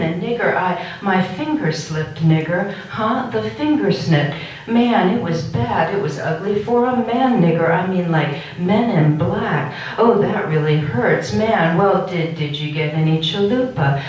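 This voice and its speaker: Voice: medium pitch, darkish tone. A poet giving a live conceptual poetry reading of found transcripts in an art gallery. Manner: recites found speech and court record text aloud. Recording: very echoey room recorded from far off.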